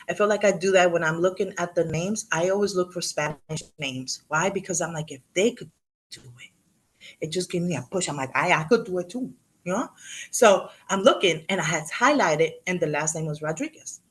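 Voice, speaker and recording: A woman in her fifties giving a motivational talk to a live audience, telling animated stories, acting out what people said and dropping in Spanish words. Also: lowish voice. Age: 50s. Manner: animated storyteller, acts out quotes, mixes in Spanish. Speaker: real estate agent and motivational speaker.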